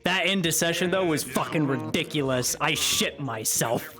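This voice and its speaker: Young man, excitable, swears a lot, laughs between lines, slightly high voice, quiet music behind. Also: normal speed, hardly any pauses. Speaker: streamer. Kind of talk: casual sign-off chat to stream chat.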